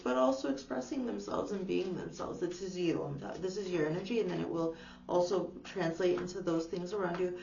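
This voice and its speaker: A woman with a gravelly edge gives a casual, reassuring tarot reading, peppering her talk with "like". She sits back from the mic in an echoey room, and the sound is dull and lo-fi with a faint hum underneath. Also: medium pitch, distant mic. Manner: gentle, reassuring, uses lots of "like". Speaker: tarot reader.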